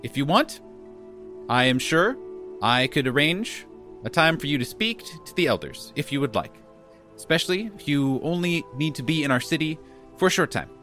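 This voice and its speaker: A man voicing a small, perky halfling rider who is guarded but cheerful, speaking in a high, sing-song way. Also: expressive, normal speed, pushed and bright, faint music behind.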